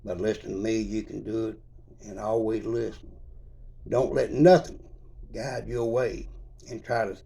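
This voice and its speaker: Man, heavy gravelly fry, dark mellow tone, low-ish voice, rambling folksy storytelling. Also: fairly even intonation, normal speed, pauses often. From Kentucky. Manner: folksy, repetitive, with constant "I said" and dialect grammar. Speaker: traveler telling his own story.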